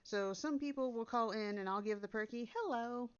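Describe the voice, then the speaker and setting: A woman's voice: medium pitch, a little fast, clear, resonant tone. Blunt, swearing woman on a dull mic. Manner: blunt, direct, swears casually. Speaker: content creator. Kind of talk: casual chat. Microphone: built-in computer mic instead of her usual microphone. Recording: dull lo-fi sound from a computer's built-in mic.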